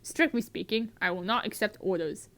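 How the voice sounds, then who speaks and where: A woman doing a gruff kindly giant man. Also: medium pitch, moderate pace, fairly bright tone, close to an everyday voice.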